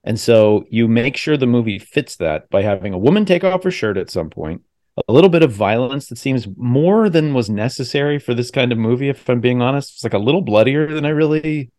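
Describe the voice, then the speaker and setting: A man's voice: mid-range voice, animated, brisk, a little mellow, no room sound, studio quality. A male podcast host chatting casually over a video call, rambling and correcting himself as he talks.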